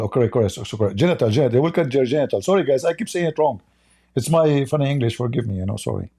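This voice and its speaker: A man's voice: medium pitch, animated, racing, gravelly, dark tone, husky. An aged man from the East, hosting a livestream in a sarcastic, mocking way. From Middle East. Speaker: livestream debate host. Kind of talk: casual livestream commentary.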